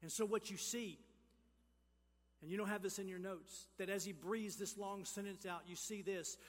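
A man preaching a sermon as pastor, animated, swinging from quiet explanation to shouted emphasis. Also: high voice, moderate pace. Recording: long hall reverb.

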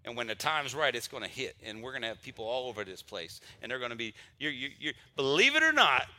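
A man's voice: mid-range voice, fast. A middle-aged man, a pastor, giving church announcements and praying aloud, emotional and stumbling through restarts. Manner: warm, emotional, repetitive restarts. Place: church sanctuary during service.

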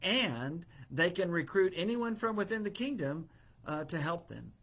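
A man with a slightly raised pitch preaches in a relaxed way. He retells a story scene by scene and slips into quoted dialogue, with filler words and small chuckles along the way. It sounds like a casual sermon. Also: measured pace, husky.

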